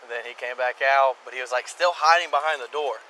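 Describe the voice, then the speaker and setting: Police officer on bodycam audio. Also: male voice, medium pitch, fast talker, pushed and bright. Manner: rambling, recounting, quoting others. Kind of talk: casual spoken account to colleagues. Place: outdoors on a residential street. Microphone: body camera. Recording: noisy outdoor body camera audio.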